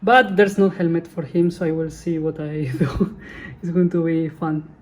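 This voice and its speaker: A woman's voice: on the low side, steady tone, normal speed, a little mellow. A woman hosting her channel, giving casual unboxing commentary in a chatty way and often correcting herself. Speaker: channel host.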